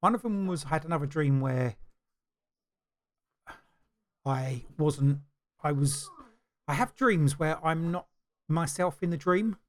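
A man's voice: fairly high pitch, animated, normal speed. A man co-hosting a podcast, chatting casually and telling stories in a rambling, stop-start way. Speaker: podcast co-host. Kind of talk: casual chat.

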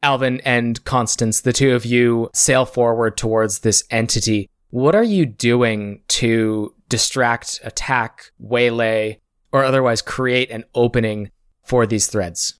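A man's voice: mid-range voice, slow pace, clear, resonant tone, dry recording, clean studio sound. Man running a tabletop game. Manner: descriptive, asks players what they do. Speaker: game master.

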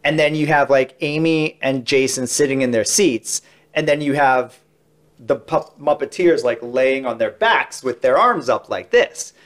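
A man with a mid-range voice chatting on a podcast and telling a behind-the-scenes story. He keeps it loose and conversational, leaning on fillers. His pitch jumps up with excitement when he reaches the amazing parts. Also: unhurried. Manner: animated, rising excitedly when describing amazing moments. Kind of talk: casual storytelling chat.

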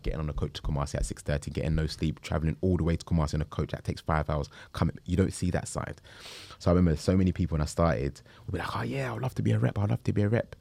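A man, telling a story in a casual interview, animated and slangy. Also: rumbling low, dry recording. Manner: animated, slangy, acts out quotes. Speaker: travel group founder.

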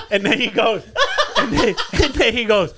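A man's voice: extremely high pitch, very noisy. Swearing, laughing male storyteller. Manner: profane, laughing storyteller acting out quotes. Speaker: podcast co-host. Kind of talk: casual chat.

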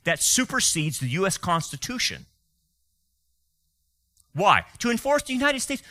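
A man's voice: very high voice, very animated, normal speed, pauses often, bright, forceful tone. A male pastor preaching a fiery sermon, full of rhetorical questions and sarcastic asides.

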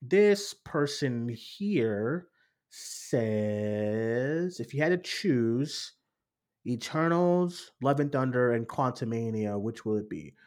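A man hosting a casual movie discussion, rambling and animated, often acting out what others said. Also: medium pitch, slow. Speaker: podcast host.

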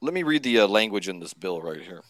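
Guy cohosting a political chat, deep-ish voice, dry close sound, blunt and sarcastic. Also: very animated, quick pace, a bit bright, dry recording. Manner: blunt, sarcastic, reads aloud from a bill. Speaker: podcast co-host.

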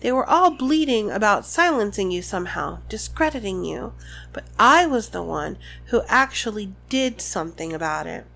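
A woman's voice: medium pitch, lively intonation, moderate pace, vocal fry, pushed and bright, exaggerated voice. A woman reading a sugary, menacing woman official's lines from a book, prim and falsely sweet.

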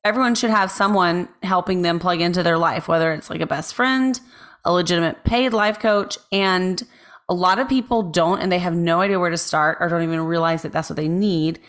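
A woman's voice: lowish voice, a little fast. A woman co-hosting a podcast in casual chat, playful and chatty, with frequent restarts. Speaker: podcast co-host.

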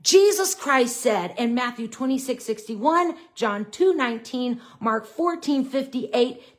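A middle-aged woman with a Southern US accent, teaching a live-streamed Bible study in an unhurried, conversational way, and she gets indignant when she talks about critics. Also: on the high side, animated.

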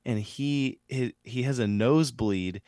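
A man in his thirties, a podcast co-host, telling a casual story with lots of fillers and animated retellings. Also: mid-range voice, unhurried, no room sound, clean studio sound.

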